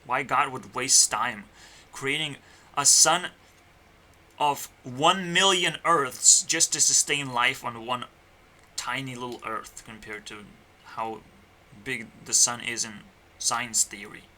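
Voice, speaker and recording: A man talking as a YouTuber in a rambling solo rant, profane and meandering, swinging between loud outbursts and mutters. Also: medium pitch, a little hiss or hum. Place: home computer setup.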